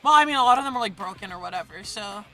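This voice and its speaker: A woman's voice: medium pitch, lively intonation, rapid-fire, bright, forceful tone, faint music behind. A woman co-host teasing her partner playfully in casual stream chat.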